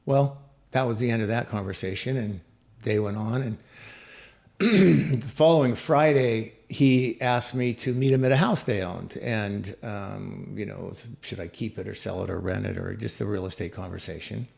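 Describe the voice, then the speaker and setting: Middle-aged man, gravelly voice, reflective storytelling, halting with fillers, podcast guest. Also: fairly low pitch, a little mellow. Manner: reflective, many fillers and restarts. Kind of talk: personal storytelling in an interview.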